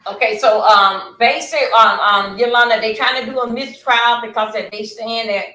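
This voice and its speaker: Chatty woman with a bright voice. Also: mid-range voice, roomy sound, rough recording. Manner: chatty, rambling, addresses viewers directly. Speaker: livestream host. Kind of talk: casual livestream commentary. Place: at home at a computer.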